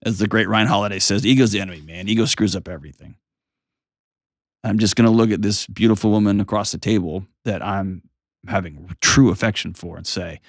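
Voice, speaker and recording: Blunt, animated man hosting an advice show. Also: lowish voice, a little fast, no echo, soft background music. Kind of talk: casual advice talk and ad reads.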